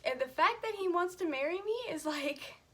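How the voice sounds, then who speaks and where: Emotional high-voiced young woman vlogger. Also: animated, normal speed, pushed and bright. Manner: emotional, tearful, chatty. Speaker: beauty vlogger. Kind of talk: casual storytelling while doing makeup.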